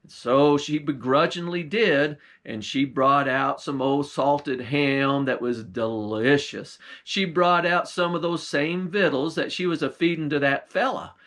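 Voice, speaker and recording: High-voiced storyteller man. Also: a bit bright. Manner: folksy, unhurried, old-time dialect. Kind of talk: folktale storytelling.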